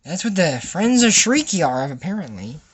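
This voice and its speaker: A man's voice: sits high, big pitch swings, normal speed, slightly rough. A young man giving a sarcastic, comedic recap of a cartoon episode and acting out the characters' lines.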